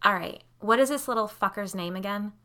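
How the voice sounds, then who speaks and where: A woman's voice: mid-range voice, fairly quick, fairly bright tone, lightly acted. A woman voicing a haughty, snappish wealthy suburban mom who talks in curt, bossy bursts. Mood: snippy.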